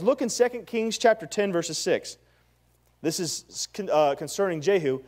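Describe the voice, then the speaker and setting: A man pastor preaching a sermon, retelling scripture in animated, slangy storytelling with stammering restarts. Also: sits high, moderate pace.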